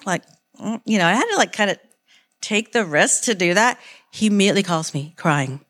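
A woman's voice: mid-range voice, lively intonation, brisk, a bit bright. A woman giving an informal sermon, earnest and rambling, with many "like"s and restarts. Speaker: church speaker.

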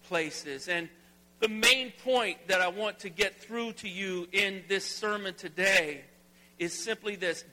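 A middle-aged pastor from Alabama preaching a sermon in a large church, folksy and conversational, rising to emphatic preaching. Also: male voice, high voice, unhurried, pushed and bright. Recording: long hall reverb.

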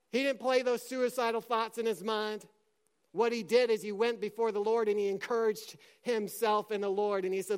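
A man preaching a sermon with passion, dropping to a hush and then rising to a shout as he acts out scripture scenes. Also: very high voice, moderate pace, clean tone. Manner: impassioned, swings from hushed to shouting; acts out scripture dialogue in character.

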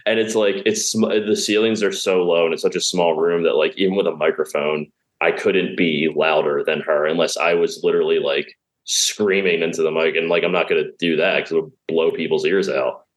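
A man's voice: deep voice, fairly even intonation, brisk. A man telling comedy stories in a casual chat, often laughing as he talks. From Pennsylvania. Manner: laughs through his stories. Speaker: stand-up comedian guest.

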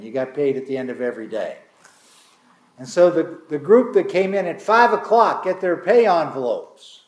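A man's voice: on the high side, darkish tone. A man preaching a sermon to his congregation, telling the story in a conversational way with dramatic swings of emphasis. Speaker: pastor. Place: congregation hall. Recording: echoey room.

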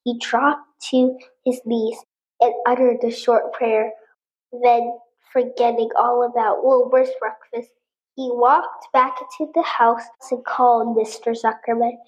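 Slow-reading woman with a high voice. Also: flat delivery, darkish tone. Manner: slow reading with chatty asides. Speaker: reader of a children's chapter book. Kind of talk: reading a story aloud. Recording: dull lo-fi sound.

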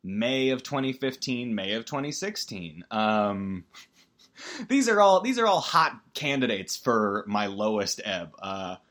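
A man hosting a comedic solo podcast, talking in a rambling, self-deprecating way with many stammered restarts and sudden jumps in pitch. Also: lively intonation, takes it slowly, a bit bright. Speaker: podcast host.

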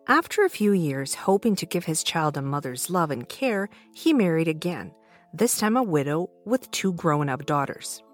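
A woman reading a fairy tale for children in a slightly low voice, full of lively ups and downs. Her delivery is gentle and expressive, with soft music under her. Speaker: storytime host. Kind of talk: children's story narration.

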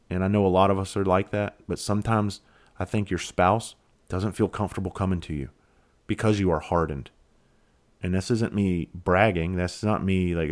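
A man hosting a podcast, talking candidly and reflectively, blunt and quick to swear. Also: low-pitched. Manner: reflective, halting. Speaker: podcast host. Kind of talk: casual solo podcast monologue.

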